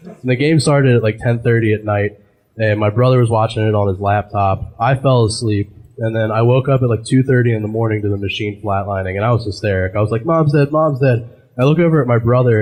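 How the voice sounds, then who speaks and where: A man doing a stand-up set on a club stage, telling dark family stories in an offhand, deadpan way full of fillers. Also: fairly low pitch. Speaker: stand-up comedian. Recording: live club with loud crowd laughter. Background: audience laughing.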